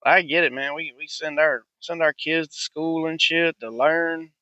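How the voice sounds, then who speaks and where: A man rants bluntly and profanely, rambling from point to point. His voice is bright and forward and sits a little high. It is recorded dry, with a dull, lo-fi sound. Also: fairly even intonation, a little slow, smooth, no echo. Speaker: podcast host. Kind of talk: ranting monologue.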